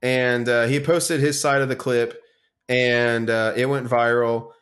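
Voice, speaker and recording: A man's voice: mid-range voice, little pitch movement, measured pace, a bit bright. Profane ranting podcast guy. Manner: profane, ranting, mocking impressions. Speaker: podcast co-host. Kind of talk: casual chat.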